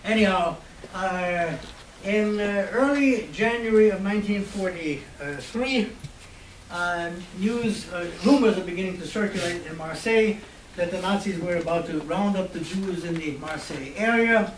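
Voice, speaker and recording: A man's voice: sits high, measured pace, roomy sound, distant mic, a little hiss or hum, rough recording. An older man, a Holocaust survivor, telling his life story to an audience in a wry, conversational way. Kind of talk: storytelling talk. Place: hall at a university.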